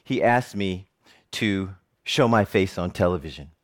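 Lively middle-aged man telling stories. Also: sits low, measured pace. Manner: animated, jokey storyteller who laughs often. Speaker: TV presenter giving a talk. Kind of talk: personal storytelling talk.

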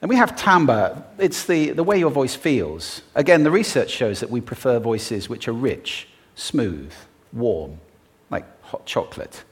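A man giving a talk on stage to a live audience, playful and expressive, demonstrating vocal techniques as he speaks. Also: mid-range voice, unhurried, few pauses.

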